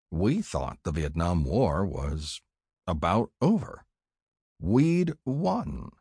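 Older man with a deep, dry voice. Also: dry recording. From California, USA. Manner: measured, plain storytelling. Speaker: author narrating his memoir. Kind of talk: audiobook memoir narration.

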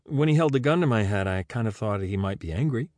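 A man's voice: fairly low pitch, animated, quick pace, darkish tone, no echo, close to an everyday voice. A man voicing a dry, sarcastic woman who is being questioned again, giving curt answers. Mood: wry. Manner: sardonic, curt replies.

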